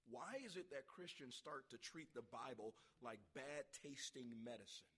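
A man preaching a revival sermon with passion, asking the congregation questions and breaking into loud shouts. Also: mid-range voice, lively intonation, normal speed, few pauses, slightly rough.

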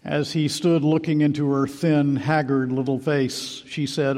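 A man's voice: fairly high pitch, flat delivery, unhurried, hardly any pauses, a little mellow. A man preaching a sermon, telling a story and then urging listeners earnestly and emphatically. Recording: long hall reverb.

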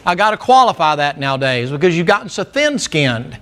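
A man's voice: a little high, sing-song, a little fast, a bit bright. A middle-aged man preaching a sermon in church, blunt and folksy, telling stories. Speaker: pastor.

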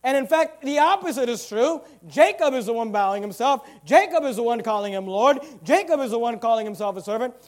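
High-voiced man preaching verse by verse. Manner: verse-by-verse Bible teaching, urging listeners to underline words; acts out the characters' thoughts in quoted asides. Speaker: pastor. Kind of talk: sermon.

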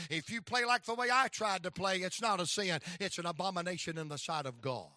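A man preaching a folksy storytelling sermon with a North Carolina accent, rising now and then to shouts of praise. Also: high voice, a little fast, few pauses, dry recording, clean studio sound.

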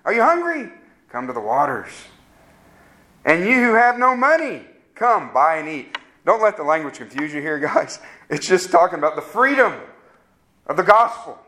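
Male preacher with a fairly high voice, delivering an earnest, pleading sermon. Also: big pitch swings, moderate pace, pushed and bright. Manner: pleading, earnest appeals with rising questions.

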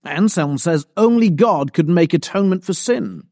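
A man preaching a sermon in a slow, emphatic, deliberate manner, repeating key phrases for weight. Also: high voice, animated, darkish tone, no echo, studio quality. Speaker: pastor.

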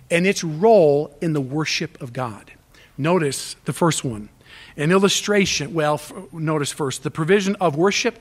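A man preaching a sermon as pastor, emphatic and repetitive, swinging from loud exhortation to hushed asides. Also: high voice.

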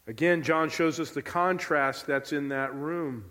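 Animated preacher in an echoing hall. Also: male voice, a little high, measured pace. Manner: animated, emphatic storytelling. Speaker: pastor. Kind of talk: sermon. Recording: long hall reverb.

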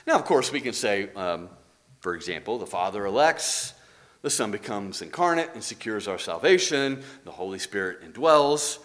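A Bible teacher leads a church class in an earnest, explanatory manner, working through examples and posing questions aloud. His sing-song, slightly bright voice moves at a moderate pace, climbing when he presses a point and dropping low as he winds down.

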